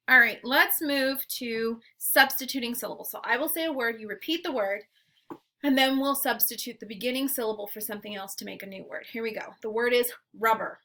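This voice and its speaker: A woman teacher leading a phonics drill, saying words slowly and clearly with encouragement. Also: mid-range voice, bright, forceful tone, rough recording. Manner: slow, clearly enunciated, encouraging. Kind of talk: phonemic awareness drill.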